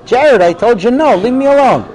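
A man's voice: sits high, expressive, moderate pace, low-quality recording. A man voicing a stern middle-aged father in a story he tells. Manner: gruff refusals, then gentle giving in.

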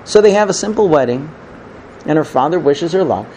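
A man giving a sermon, telling a parable in an animated storytelling manner. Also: fairly high pitch, brisk, slight background noise, poor audio. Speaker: religious teacher.

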